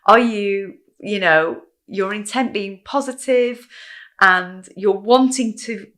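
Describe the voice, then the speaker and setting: Bright-voiced woman hosting a podcast. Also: mid-range voice, slow. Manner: friendly, affirming interjections and probing questions. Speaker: podcast host. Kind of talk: casual podcast interview.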